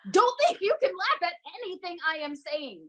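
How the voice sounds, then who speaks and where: A woman's voice: very high-pitched, expressive, moderate pace, poor audio. An actress playing a foul-mouthed, abrasive young actress who hurls insults at her castmates in a comedic video-call drama. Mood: scornful. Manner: insulting, profane and scornful.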